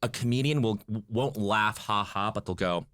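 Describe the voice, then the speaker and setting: A man co-hosting a podcast, animated and jokey, quick to laugh. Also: on the low side, dry recording, studio quality. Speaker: podcast co-host. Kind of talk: casual podcast chat.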